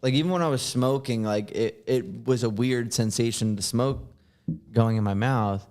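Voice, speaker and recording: At a normal speed and in a slightly mellow mid-range voice, a podcast host drifts through a long, casual story. He curses freely and fills gaps with "like" over and over.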